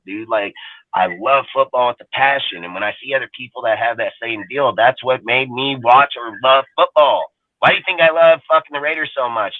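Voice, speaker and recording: A man's voice: medium pitch, dry recording. A blunt, hard-swearing man rants about life and his team, peppering every thought with "bro" and "dude." His voice sits in a middle range. It comes through a tinny, phone-like line with no room sound, recorded from inside a parked car. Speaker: podcast host. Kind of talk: profane fan rant on a live stream. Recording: dry, tinny phone-quality audio.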